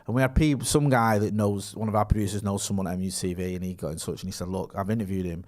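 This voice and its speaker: A man's voice: lowish voice, fairly even intonation, fast talker, darkish tone. A man in his thirties co-hosting a casual live stream, chatting and reading out viewer comments with frequent laughs. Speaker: podcast co-host reading live chat.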